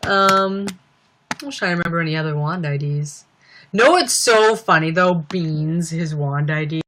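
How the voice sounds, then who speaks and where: A young woman chats on a livestream, answering viewers in a giggly, rambling way. She speaks slowly and leans on plenty of fillers. Her voice has a bright, forward tone. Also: deep voice, animated.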